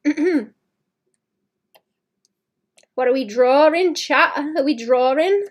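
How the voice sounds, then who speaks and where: A young woman talks loosely to her livestream audience while she works on a drawing. Her voice sits a little high. She mutters half to herself and keeps stopping to clear her throat. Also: lively intonation, slow. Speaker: artist livestreaming. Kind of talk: casual streaming chat while drawing.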